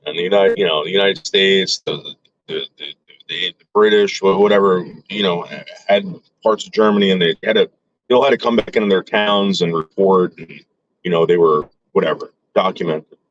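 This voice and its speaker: Rambling man telling a story, low voice. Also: steady tone, normal speed, dull audio, slight background noise. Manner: rambling, lots of fillers and restarts; acts out quoted relatives with voice shifts. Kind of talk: casual storytelling.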